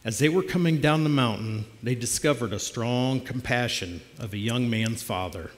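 In a church sanctuary awash with long reverb, a middle-aged man filling the pulpit as a lay preacher shares a personal testimony sermon. His mid-range voice moves at normal speed in a plain, conversational storytelling style.

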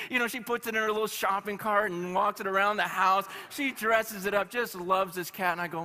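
A male pastor preaching at a conference, telling stories in an animated, conversational way with humor. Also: high voice, moderate pace, hardly any pauses, a little hiss or hum. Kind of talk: conference sermon. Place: live conference hall.

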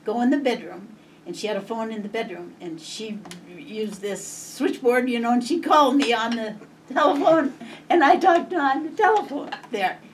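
A woman's voice: on the high side, moderate pace. An older woman with a Montana accent tells stories from her childhood in an oral history interview, chuckling often and acting out the voices in them. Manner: lively, chuckling reminiscence with acted quotes. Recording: distant mic, faint noise.

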